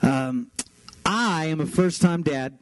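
Lively young preacher, dry close mic. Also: male voice, fairly high pitch, takes it slowly, dry recording, poor audio. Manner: animated storytelling, mimics his toddler son. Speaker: pastor. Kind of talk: sermon.

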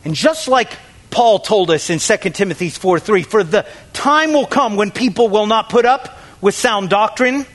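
A man preaching a sermon with emphatic delivery, swinging from raised calls to hushed, whispered asides as he acts out excuses. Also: high-pitched, lively intonation, normal speed. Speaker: pastor.

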